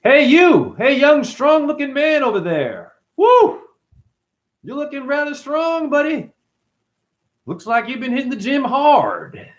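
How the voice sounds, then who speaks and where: A flamboyant flirt, pitched up high and swooping around, all teasing sing-song exaggeration, as a man puts him on in a skit. The voice bounces between notes as he lays on the compliments, loud and showy. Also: very animated, unhurried, full character voice. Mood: flirty. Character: flamboyant flirty man hitting on a gym guy.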